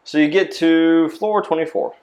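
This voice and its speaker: A man narrating a tabletop role-playing game as game master, describing scenes in a relaxed way with fillers. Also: on the high side, normal speed, slight background noise.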